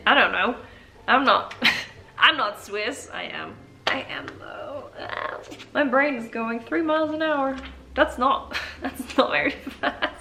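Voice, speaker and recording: This language vlogger's voice sits a little high and sounds pushed and bright. She keeps the tutorial chat casual and playful, laughing frequently as she walks through basic phrases.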